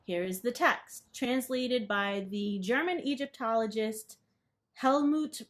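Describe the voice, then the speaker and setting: A woman with a slightly higher-than-average voice hosts a study session. She reads book passages aloud and moves easily into relaxed, chatty commentary, answering her viewers as she goes. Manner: casual and chatty, with frequent fillers and asides. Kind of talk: reading aloud and commenting, answering chat live.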